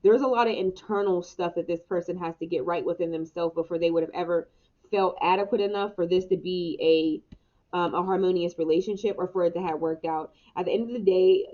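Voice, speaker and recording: A woman's voice: on the low side, darkish tone. A young adult woman giving a casual spiritual tarot reading, candid and laughing often, with occasional swearing. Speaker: tarot reader. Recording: muffled mic with noticeable hiss.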